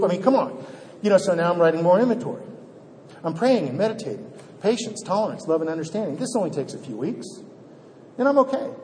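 A man's voice: sits high, a little mellow, a little hiss or hum. A middle-aged man telling a self-mocking story to a meeting, with exasperated outbursts. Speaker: speaker at a recovery meeting. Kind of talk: storytelling talk. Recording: reverberant hall, faint background ambience.

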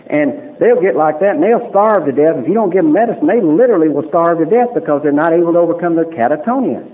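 A man's voice: fairly high pitch, expressive, quick pace. Folksy man telling his story, tinny recording. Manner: folksy storyteller who acts out what people said. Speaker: speaker at a recovery meeting. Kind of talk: personal testimony talk. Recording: tinny lo-fi recording with faint hiss.

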